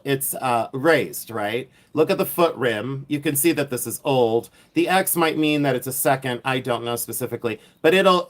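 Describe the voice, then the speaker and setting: Picture an excitable man from Ohio hosting a live stream, chatting away with his viewers. He repeats himself and teases them as he shows off his finds. His voice sits at an ordinary pitch for a man. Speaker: reseller livestream host. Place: outdoors in the heat.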